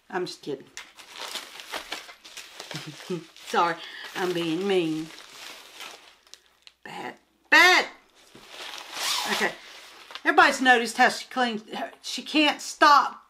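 At home, a craft vlogger rambles casually while showing off her projects, speaking slowly with long pauses, many fillers and frequent restarts. Her medium-pitched voice is animated, and there's noise in the background.

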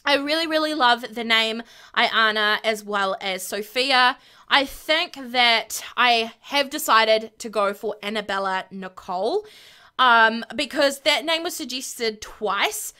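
A woman giving bubbly, excitable commentary while playing a life-simulation game on her channel. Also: on the high side, takes it slowly, smooth. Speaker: gaming channel host.

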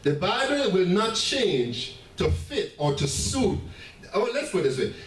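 A man preaching a sermon as pastor, animated, with laughing asides and stammering restarts. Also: high voice, unhurried. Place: church sanctuary. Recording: echoey church room heard from a distance.

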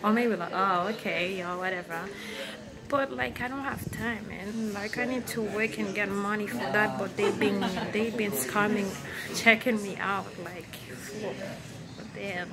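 A woman's voice: mid-range voice, fairly even intonation, a little slow, over a noisy crowd. A young woman vlogging casually from a hospital on her phone, playful and rambling. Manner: playful, rambling, switches between languages. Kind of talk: casual vlog narration.

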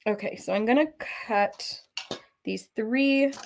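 A woman's voice: fairly high pitch, slow pace, gravelly, a little hiss or hum. A woman streaming as she cross-stitches, chatting casually and drifting onto side topics. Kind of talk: casual chat while stitching.

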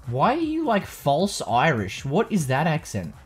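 Young male let's-player, lively swearing banter, animated pitch, game music faint behind. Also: measured pace. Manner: profane, joking, animated. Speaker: let's play host. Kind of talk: casual gameplay commentary.

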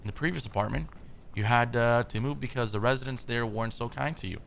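A man's voice: mid-range voice, quick pace, gravelly, a bit bright, a little hiss or hum. A man reading out a caring mother's message to her son in his own plain voice. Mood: gentle. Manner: plain reading of on-screen text.

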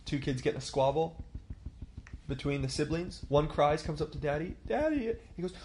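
A man's voice: a little high, level tone, moderate pace, darkish tone, a little hiss or hum. Man teaching a church leadership class. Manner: conversational, asks the class questions, acts out quotes.

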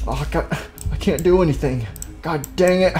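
Brief: man voicing a boastful nightmare animatronic rabbit villain, mellow tone, gloating. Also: on the high side, moderate pace, soft background music, natural voice. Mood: frustrated.

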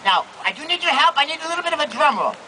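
A street performer with a very high, sharp voice fires off lines rapidly and with great animation, working the crowd at an outdoor festival. His comedy is sarcastic and self-mocking, caught on a noisy outdoor recording full of crowd and children's sounds.

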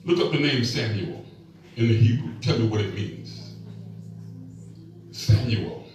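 A man's voice: medium pitch, lively intonation, measured pace, background noise. A middle-aged male pastor preaching a sermon, with call-and-response to the congregation and playful asides. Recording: echoey room, mic at a distance.

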